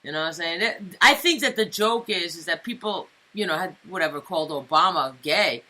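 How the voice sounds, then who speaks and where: Female co-host, crisp bright tone, streetwise crude banter. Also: lowish voice, lively intonation, brisk. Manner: streetwise, chatty, keeps asking "you know what I'm saying". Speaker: radio co-host.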